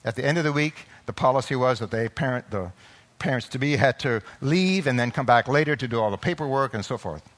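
A man preaching a sermon, moving from quiet explanation to loud, impassioned exclamations, and acting out the voices of parents and children. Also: mid-range voice, lively intonation, brisk. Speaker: pastor.

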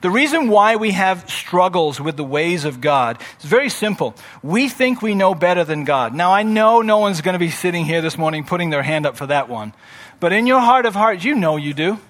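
A man delivers a sermon in a notably high voice. He reads scripture aloud and dramatizes the speakers with rising, emphatic energy, then drops back to a conversational teaching tone. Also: sing-song, moderate pace, a bit bright. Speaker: pastor.

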